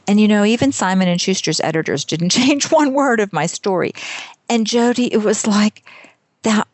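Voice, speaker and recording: A woman's voice: lowish voice, normal speed, no room sound. A middle-aged woman, an author, telling her story in an interview, laughing often and acting out quotes. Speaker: author and speaker, podcast guest.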